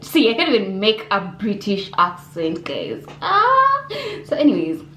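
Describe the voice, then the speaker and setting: A woman's voice: medium pitch, very animated, moderate pace, fairly bright tone, slight background noise. A young woman from Uganda, chatting casually in a vlog Q&A, rambling with lots of fillers and restarts. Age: young adult. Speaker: vlogger. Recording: echoey room with faint ambience.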